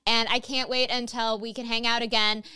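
Podcast host, young woman, slightly high, animated and profane. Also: normal speed, clear, resonant tone. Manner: animated, swears freely, spirited. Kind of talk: casual interview chat.

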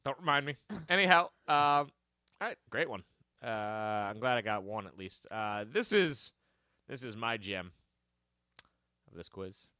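A man's voice: medium pitch, animated, measured pace, pauses often, pushed and bright, smooth, dry recording, studio quality. A man hosting a trivia podcast in casual chat, joking and laughing a lot, reading quiz questions with emphasis.

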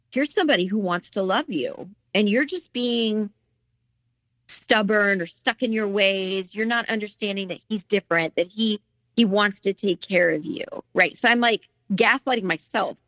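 A woman's voice: medium pitch, no echo. Candid woman telling a painful story. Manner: candid, animated, acts out quoted lines. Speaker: guest telling her story. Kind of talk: emotional personal storytelling.

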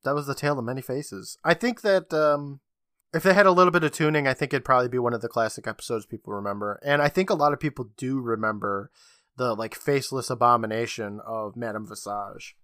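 A man's voice: medium pitch, fast, a bit bright, no room sound, clean studio sound. A man co-hosting a podcast, recapping an episode in a casual, joking storytelling manner with casual swearing. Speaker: podcast co-host.

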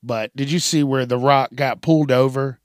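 A man's voice: mid-range voice, steady tone, moderate pace, dry recording, clean studio sound. A male host giving comedic news commentary, profane and mocking, laughing often.

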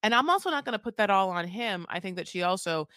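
A woman co-hosting a casual recap podcast, gossipy and crude, acting out quotes with animated swings. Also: medium pitch, quick pace, no room sound, studio quality. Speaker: podcast co-host.

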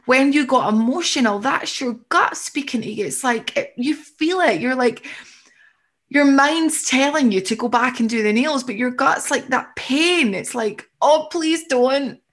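A woman's voice: high-pitched, a little slow, fairly bright tone. A woman, coaching someone through a reflective conversation and voicing their inner thoughts.

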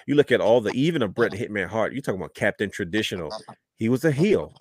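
A man's voice: fairly low pitch, expressive, fast talker. A man hosting a podcast in a casual, rambling chat, calling listeners brother. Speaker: podcast host.

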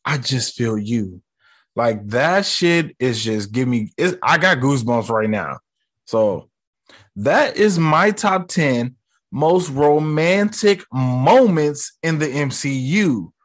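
A man's voice: a little high, animated, takes it slowly. A man casually ranking movie moments for his viewers, talking loose and slangy with frequent swearing. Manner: loose, slangy and profane, talks straight to viewers. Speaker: movie vlogger.

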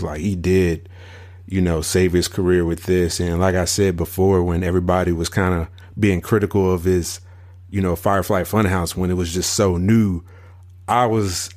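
A man's voice: low-pitched, darkish tone. A man co-hosting a casual wrestling podcast, talking in a laid-back way with lots of fillers and easy agreement. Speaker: podcast co-host.

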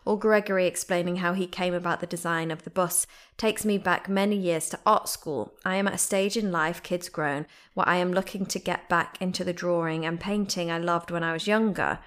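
A woman's voice: lowish voice, steady tone, brisk, a bit bright. A woman with a British accent hosting a podcast, reading listener emails aloud with bubbly, giggly asides. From Britain. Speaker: podcast host. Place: at home.

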